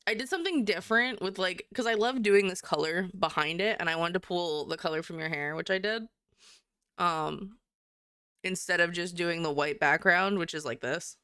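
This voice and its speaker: Young woman livestreamer, chatty and giggly, bright tense voice, dry close sound. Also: fairly low pitch, moderate pace, clear, resonant tone, no echo. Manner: chatty and giggly, rambling with frequent laughs. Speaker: artist livestreamer. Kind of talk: casual chat while drawing live.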